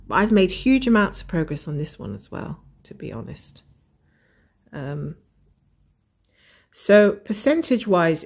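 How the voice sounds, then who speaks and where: A woman's voice: low-pitched, creaky, a little mellow, slightly rough. A woman with a Scottish accent hosting a casual stitch-along chat, thinking aloud and weighing her options. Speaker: host of a cross-stitch channel.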